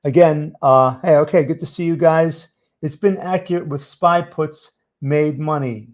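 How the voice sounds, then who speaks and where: Chatty New York trading streamer. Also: male voice, fairly high pitch, measured pace. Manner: chatty, greets viewers by name. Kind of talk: casual livestream market talk.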